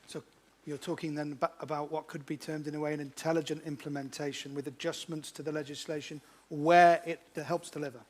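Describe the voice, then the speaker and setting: A man with a high voice moderates a panel debate at a conference event. He keeps things moving, steering each speaker briskly to the next question. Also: little pitch movement.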